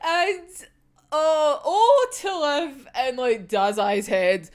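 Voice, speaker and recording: Excitable young woman. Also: high voice, drawn-out words. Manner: excitable, swears a lot, laughs often. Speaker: manga reaction host. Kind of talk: casual manga reaction vlog.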